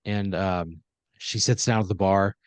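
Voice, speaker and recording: A low-voiced man spins an improvised story on a comedy podcast. He rambles and is full of fillers and "like"s. The sound is dry and close. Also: steady tone, measured pace, smooth, no room sound.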